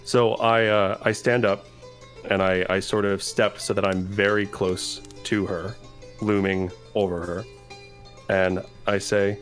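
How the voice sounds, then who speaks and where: A man describes his character's moves in a tabletop game with a low, deliberate voice. He sounds wry and measured. Quiet guitar music runs underneath. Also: flat delivery. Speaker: player. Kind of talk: tabletop role-play.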